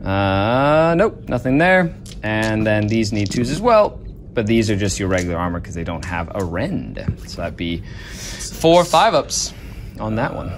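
A man's voice: lowish voice, unhurried, a little hiss or hum. A man hosting a tabletop wargame session, calling dice results and teasing his opponent in casual banter. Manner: excitable, teasing, counts dice aloud. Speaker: host and player in a tabletop battle report.

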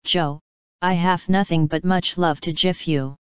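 A woman reading the lines of a kindly middle-aged German professor with a gentle, tender manner and a light German accent. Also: lowish voice, fairly even intonation, unhurried, smooth, no echo, close to an everyday voice. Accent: German accent as put on. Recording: dull, dry studio audio.

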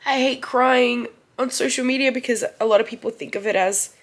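A woman's voice: a little high, fairly quick. A young woman vlogger talking candidly to the camera, crying through an emotional personal update. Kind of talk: personal vlog confession.

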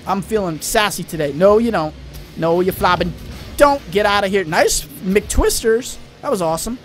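High-voiced hyper young gaming guy. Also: moderate pace, soft background music. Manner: hyper, rambling, yells at teammates. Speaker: gaming channel host. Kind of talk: excitable let's-play commentary.

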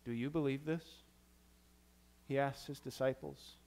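A man preaching a sermon as pastor, acting out quoted lines dramatically with swings from loud to hushed. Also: mid-range voice, steady tone, a little slow, gravelly. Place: church.

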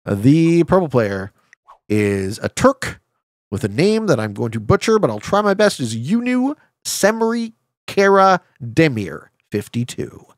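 A man from Canada streaming a board game live, excitable and swearing, laughing often and bursting into shouts. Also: a little high, a little slow, no echo, clean studio sound. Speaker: streamer playing an online strategy board game.

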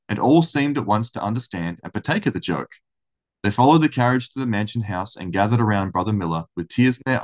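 A man reading a historical account aloud in steady storytelling, then commenting casually. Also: fairly low pitch. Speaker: religious study channel host.

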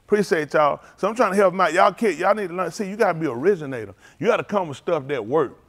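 A man's voice: high voice, animated, fast, fairly bright tone. A man preaching as a pastor, talking loosely and teasing his congregation in slang. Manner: playful, teasing, drawling street slang. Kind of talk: loose joking sermon talk to a congregation.

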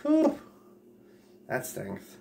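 Man, casual livestream chat, blunt, swears a lot, rambling, average pitch. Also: huge pitch swings, drawn-out words, gravelly, mellow. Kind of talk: casual late-night livestream talk.

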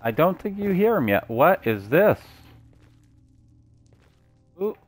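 A man's voice: a little high, big pitch swings, takes it slowly, no echo, soft background music. A man streaming gameplay live, chatting to his viewers and cracking puns as he plays. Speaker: gaming streamer.

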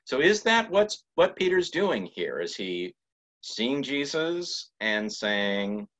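A man preaching a sermon as a guest pastor in a church, in a measured, reflective way with pauses. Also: mid-range voice, very animated, a bit bright. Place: church sanctuary.

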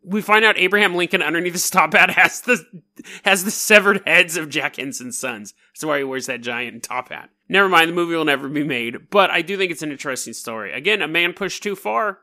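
Bright-voiced, jokey male podcast host. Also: fairly high pitch, a little fast. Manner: animated, jokey, digressive. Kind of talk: casual true-crime storytelling podcast.

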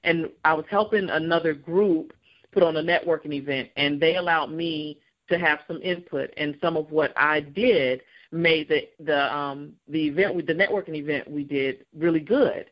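Woman guest, lively personal storyteller who laughs through it and mimics others; muffled lo-fi sound. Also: deep voice, normal speed. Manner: animated, acts out voices of people in her story; laughs often while talking.

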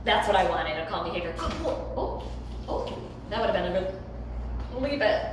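A woman training her dog, calmly explaining each step and breaking into high-pitched praise for the dog. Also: unhurried, noisy background. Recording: very echoey room.

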